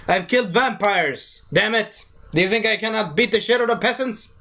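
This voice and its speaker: A man's voice: high voice, moderate pace, sharp tone, pitched above the performer's own voice. A man voicing a drunk, grumpy young monster hunter who talks in a dismissive way. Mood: indignant.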